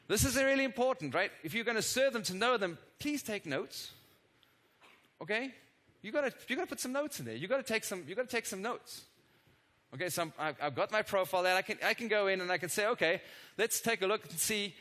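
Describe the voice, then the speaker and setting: A middle-aged man giving a live product demo keynote on a conference stage, energetic and constantly checking in with the audience through quick tag questions and self-deprecating asides. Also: sits high. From not from the United States. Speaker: conference presenter.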